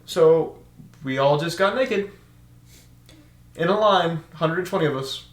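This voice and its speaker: Young guy podcaster, slightly high voice, animated storytelling, echoey room. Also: a little slow. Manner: animated, laughs often, acts out shouted drill orders. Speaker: podcast co-host. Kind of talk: casual storytelling chat.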